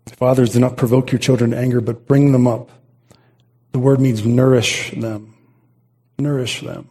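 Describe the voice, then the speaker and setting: A man's voice: medium pitch, level tone, normal speed, warm tone, husky. A middle-aged man pastor preaching a sermon in an earnest, repeating way, often restarting his phrases.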